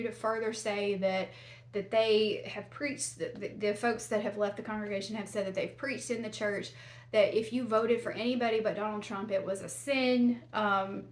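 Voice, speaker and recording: A woman hosting a true crime channel, talking casually to camera with many fillers and restarts. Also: medium pitch.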